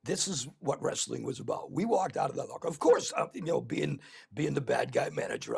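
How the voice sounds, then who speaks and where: Man, podcast host, rambling anecdotes, lively pitch, very raspy voice. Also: a little fast, few pauses. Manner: rambling anecdotes with many fillers. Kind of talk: casual chat, storytelling.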